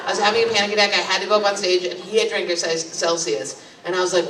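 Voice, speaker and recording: A woman's voice: medium pitch, steady tone, quick pace, few pauses, fairly bright tone, a little hiss or hum. A young woman doing a stand-up set with crowd work, brash, crude and blunt. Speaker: stand-up comedian. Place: comedy club stage with a laughing audience. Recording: roomy live club recording from far off.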